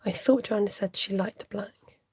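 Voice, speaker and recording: A woman's voice: medium pitch, steady tone, normal speed, darkish tone, husky. A woman hosting a live crafting stream, thinking aloud, humming and chatting with viewers.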